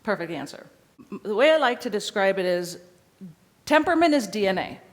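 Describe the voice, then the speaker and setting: This dog trainer, a woman with a middle-pitched voice, leads a seminar at a fairly quick clip. She's playful and animated, occasionally performing a dog's imagined lines for the audience.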